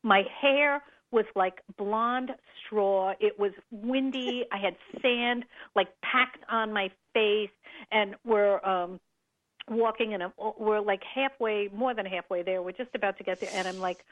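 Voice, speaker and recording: A woman's voice: medium pitch, unhurried. A woman guest telling travel stories on a talk radio show, rambling with many restarts and fillers. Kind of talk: casual radio chat. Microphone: phone line. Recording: tinny phone line.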